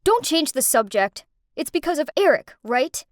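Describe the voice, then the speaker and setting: A woman voicing a protective young man in an animated story, firm and scolding. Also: high voice, moderate pace, dry recording, clean studio sound. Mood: stern.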